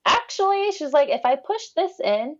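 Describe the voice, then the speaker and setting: A woman telling her own story casually on a podcast, animated, acting out what people said with lively voice changes and frequent laughs. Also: medium pitch, moderate pace, dull audio.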